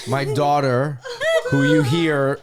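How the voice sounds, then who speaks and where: A man who is a guest on a podcast, talking in casual comedic chat with a dry, sardonic and profane manner. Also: mid-range voice.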